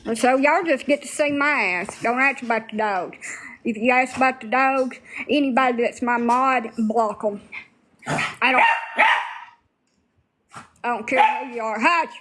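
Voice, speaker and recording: A woman's voice: on the high side, normal speed, fairly bright tone, a little hiss or hum. A woman talking bluntly to viewers on a casual livestream, swearing freely.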